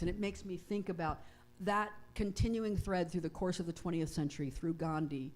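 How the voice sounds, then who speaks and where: A woman pastor giving a conversational sermon, reading prayers slowly and reflectively. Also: fairly low pitch, fairly even intonation, darkish tone. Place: church sanctuary.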